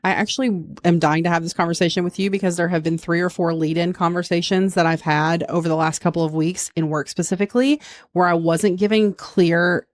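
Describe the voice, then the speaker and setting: A woman co-hosting a casual podcast chat, talking in an animated, dramatic way and poking fun at herself. Her voice sits a little low for a woman. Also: brisk. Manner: animated, dramatic, self-mocking. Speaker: podcast co-host.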